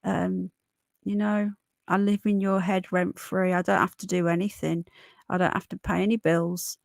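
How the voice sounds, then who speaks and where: A woman in her early forties with a hoarse voice, hosting a casual livestream and chatting with viewers, calling them love and darling. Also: fairly low pitch, level tone, normal speed, dry recording. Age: 40s. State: hoarse from illness. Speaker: livestream host. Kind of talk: casual live chat.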